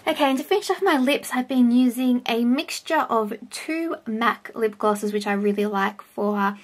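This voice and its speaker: A young vlogger talks casually at a moderate pace in a fairly high voice while doing a makeup tutorial at home. She rambles and corrects herself along the way, filmed by a nearby camera on a stand indoors.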